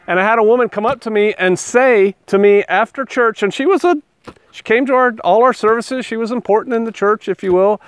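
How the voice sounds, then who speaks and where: A man's voice: high-pitched, smooth, no room sound. A male pastor preaching a conversational sermon, acting out scripture quotes in different voices.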